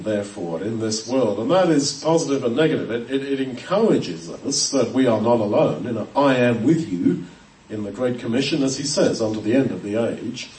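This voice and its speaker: A man delivers a sermon with earnest emphasis, often stumbling and restarting his words. His voice is mellow and darkish, and it reaches the mic from a distance in an echoey room. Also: medium pitch. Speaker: preacher. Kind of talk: expository sermon.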